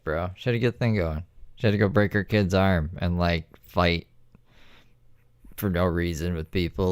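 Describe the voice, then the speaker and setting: Deep-voiced man, dry sound, mocking commentary host. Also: fairly even intonation, normal speed, pauses often, smooth, no room sound. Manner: sarcastic, profane. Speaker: reaction commentator. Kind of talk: casual reaction commentary.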